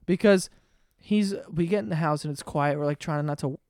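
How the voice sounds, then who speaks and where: A man's voice: on the high side, moderate pace, darkish tone, no room sound, clean studio sound. A young man hosting a podcast, telling crude stories in casual chat. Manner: crude, joking storyteller. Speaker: podcast host. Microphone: studio mic on stand.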